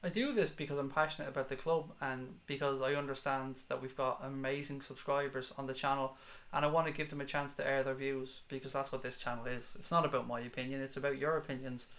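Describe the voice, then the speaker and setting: A man's voice: medium pitch, fairly even intonation, quick pace, hardly any pauses, fairly bright tone. A man who hosts a football fan channel and chats bluntly while reading out viewers' comments on a live stream. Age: 30s. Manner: blunt, sweary, passionate. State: has a headache.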